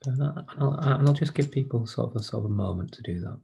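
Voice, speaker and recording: A man presents an online workshop for carers over a video call, gentle and inviting, with an expressive, gravelly, husky voice at an ordinary middle pitch. He's hesitant, pausing and restarting often and saying "sort of" a lot.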